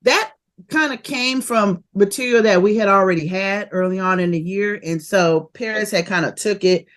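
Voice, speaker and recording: Bay woman recalling rap days. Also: mid-range voice. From Oakland, California. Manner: animated and laughing, fast bursts of memories. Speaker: rapper and interview guest. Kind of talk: casual interview storytelling.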